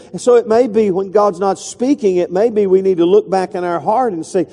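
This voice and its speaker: A man's voice: high voice, vocal fry, warm tone, in a large hall. A male pastor preaching a sermon in a loose, conversational way, with restarts and asides to the congregation.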